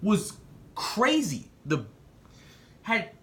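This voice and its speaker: A young man in a casual vlog giving excited predictions and talking straight to the people he discusses. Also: drawn-out words, echoey room. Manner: excitable, talks straight to the rappers, jumps in pitch. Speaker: battle rap commentator.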